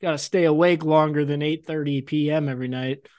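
A man's voice: on the high side, fairly even intonation, brisk, a little mellow. A man co-hosting a casual podcast chat, rambling and joking and often laughing. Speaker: podcast co-host.

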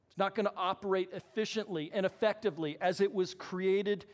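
High-voiced guy preaching in a church, lots of hall echo, gets animated acting out quotes. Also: brisk. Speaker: pastor. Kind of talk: sermon. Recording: long hall reverb.

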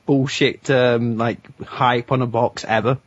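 A man's voice: medium pitch, fairly even intonation, unhurried, dry recording. A man guesting on a casual podcast, jokey and ranting. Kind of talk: casual chat. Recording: dry, muffled lo-fi audio.

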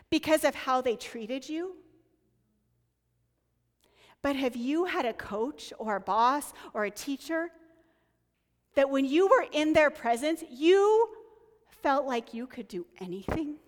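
Woman preacher, high voice, unhurried, earnest, conversational with hushed moments, long hall reverb. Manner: earnest, conversational, drops to soft near-whispers on key lines. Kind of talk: sermon.

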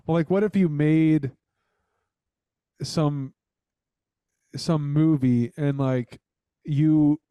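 A man's voice: fairly high pitch, fairly even intonation, very slow, pauses often, clear, resonant tone, no room sound, lo-fi sound. A man hosting a podcast who rambles along casually and swears while mocking someone. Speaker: podcast host.

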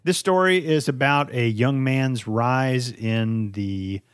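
Man, podcast co-host, casual movie review chat, playful, swears casually, mid pitch, dry close sound. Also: slow, smooth, no room sound.

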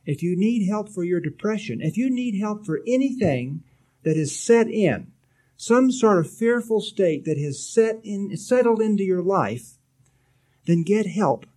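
A man giving a sermon as a spiritual teacher, gently exhorting his listeners with light touches of humor. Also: sits high, animated, a little slow.

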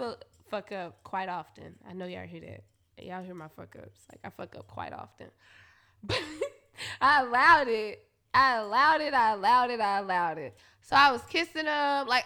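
High, lively woman telling a profane story. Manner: profane, laughing, animated retelling. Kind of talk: candid storytelling monologue.

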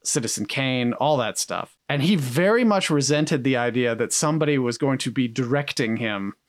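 A man co-hosting a podcast, telling a story in a lively way and laughing often. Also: mid-range voice, moderate pace, dry recording, studio quality. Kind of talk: casual chat.

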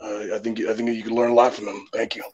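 A man doing a gruff, rambling old wrestler. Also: fairly low pitch, little pitch movement, darkish tone, muffled recording. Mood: blunt. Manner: rambling, halting, full of uh and um. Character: gruff retired male wrestler, blunt and grudge-holding. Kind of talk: comic impression on a podcast.

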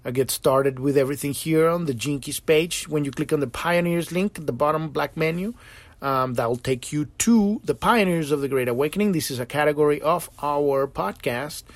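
A man hosts his podcast in a loose, animated spiritual monologue, swearing freely and acting out quoted voices. His voice sits somewhat high for a man. The recording is dry and close, with no room sound. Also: normal speed, no room sound. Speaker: podcast host.

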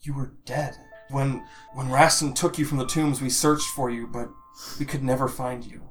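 A man's voice: medium pitch, fairly even intonation, normal speed, faint music behind, natural voice. A man playing a bewildered, formal king meeting his lost daughter, in his own everyday voice. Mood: grave.

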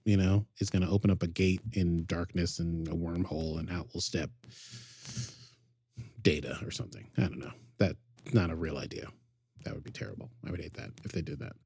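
A man's voice: sits low, brisk, darkish tone, slightly rough, dry recording, studio quality. A man co-hosting a podcast, rambling playfully with jokey asides. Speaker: podcast co-host. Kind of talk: casual chat.

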